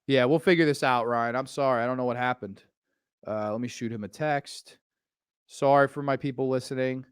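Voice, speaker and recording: A man hosting a casual podcast chat, gushing with excitement and swearing freely. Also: mid-range voice, moderate pace, clear, resonant tone, no echo, clean studio sound. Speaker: podcast host.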